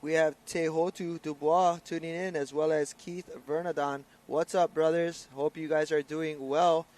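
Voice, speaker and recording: A man's voice: fairly high pitch, level tone, normal speed, a little mellow. Upbeat man calling a canoe race. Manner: upbeat, calls lanes and crews. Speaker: race commentator. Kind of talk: live sports commentary.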